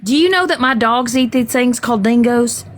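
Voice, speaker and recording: A woman hosting a casual live stream, loud, excitable and crude, teasing her viewers. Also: fairly high pitch, moderate pace.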